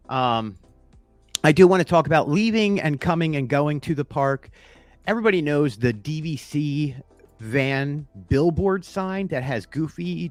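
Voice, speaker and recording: A podcast co-host chats casually from home, rambling and laughing often. His voice is medium-pitched, with no room sound.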